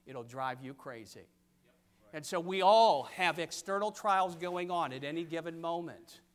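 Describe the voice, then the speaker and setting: An older man preaching a sermon, reading scripture and pressing his points with sudden loud stresses. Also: fairly high pitch, unhurried. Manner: emphatic, pulpit cadence with sudden loud stresses.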